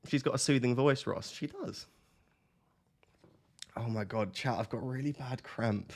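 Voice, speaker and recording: A man's voice: mid-range voice, unhurried, vocal fry. A man, casually chatting with his live stream audience, laughing and reading comments aloud.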